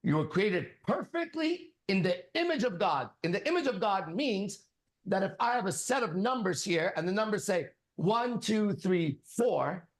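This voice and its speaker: Emphatic high-voiced male preacher, echoey room. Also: animated, moderate pace. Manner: emphatic, commanding, repeats phrases. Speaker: spiritual teacher. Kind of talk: preaching to a listener.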